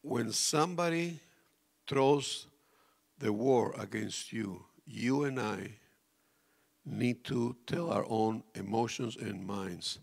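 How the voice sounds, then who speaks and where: A man preaching a sermon as a pastor, swinging between loud outbursts and soft near-whispers and questioning his congregation directly. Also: medium pitch, takes it slowly, gravelly.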